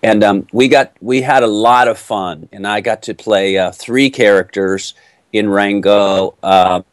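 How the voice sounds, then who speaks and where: Middle-aged Texan male actor, lowish voice, dry sound, lively storyteller. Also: measured pace, clean tone, no room sound. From Texas. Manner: animated, playful storyteller. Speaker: actor being interviewed. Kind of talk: casual interview answers.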